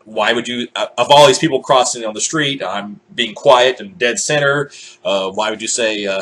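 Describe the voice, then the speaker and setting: In a lowish voice at a moderate pace, with slight background noise, a male vlogger rants casually to camera. Animated and profane, he swears freely and performs what other people said in their own voices.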